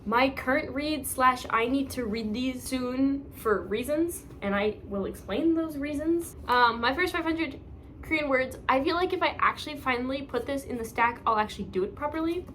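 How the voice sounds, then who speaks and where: A woman's voice: sits high, moderate pace, fairly bright tone, a little hiss or hum. A young woman vlogging casually about her reading pile, rambling, self-mocking and full of fillers. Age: young adult. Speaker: book vlogger. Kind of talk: casual chat.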